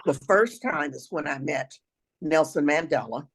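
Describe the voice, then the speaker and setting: An older woman with a raspy voice, a retired teacher telling travel stories as an interview guest, now and then clearing her throat. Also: deep voice, measured pace, poor audio. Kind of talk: storytelling interview answers.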